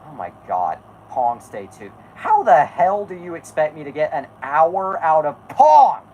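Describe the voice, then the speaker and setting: A streamer reacting aloud to a video, loud and excitable, swearing and laughing a lot. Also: mid-range voice, unhurried, slightly rough, muffled recording. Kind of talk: reacting while watching a video.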